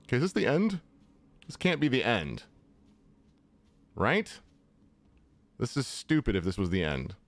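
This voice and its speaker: A young man narrates his own playthrough in a loose, joking way, often chatting to the creatures he fights. His pitch swings widely from low mutters to high exclamations. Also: huge pitch swings, unhurried, long pauses, dry recording. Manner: chatty, jokey, talks to enemies. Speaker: gaming channel host. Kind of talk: casual let's-play commentary.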